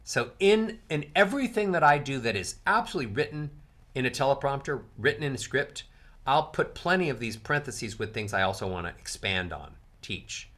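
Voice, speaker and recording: Guy coaching on speaking, super lively pitch, bright voice, demos loud and soft words. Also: brisk. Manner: expressive, demonstrates emphasis with big swings in pitch and volume. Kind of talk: instructional talk to camera.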